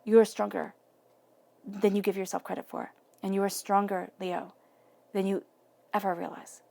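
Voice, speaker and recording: Encouraging woman reading tarot, creaky voice. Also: medium pitch, little pitch movement, moderate pace, dark tone. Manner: earnest, encouraging, repeats phrases for emphasis. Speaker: tarot reader.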